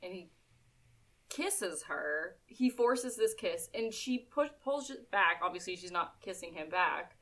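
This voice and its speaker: A woman's voice: fairly low pitch, lively intonation, measured pace, fairly bright tone. A young woman co-hosting a podcast, talking through a TV episode in a casual, thoughtful way with many fillers. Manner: thoughtful, filler-heavy, chatty asides. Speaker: podcast co-host. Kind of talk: casual TV recap chat.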